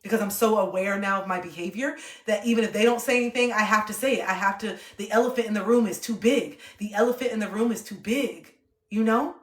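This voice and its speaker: A young woman livestreamer talking to her chat in a calm, earnest, open way. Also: medium pitch, quick pace. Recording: roomy echo.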